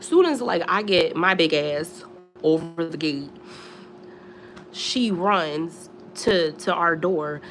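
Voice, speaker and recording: A woman's voice: fairly low pitch, expressive, slow pace, soft background music. A young woman telling a storytime on a live stream at home, slangy and chatty, with many asides. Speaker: storytime vlogger.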